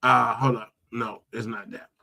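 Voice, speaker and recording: A man hosting a casual live stream from a home computer setup, talking about side businesses in an animated, incredulous way with lots of restarts. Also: medium pitch, unhurried, creaky. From Florida. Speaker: host.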